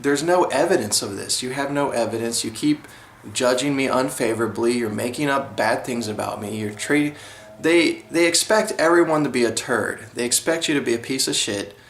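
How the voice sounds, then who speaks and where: A man's voice: mid-range voice, fairly quick. A man talking straight to camera in an indignant, repetitive monologue. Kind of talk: monologue vlog. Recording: roomy echo.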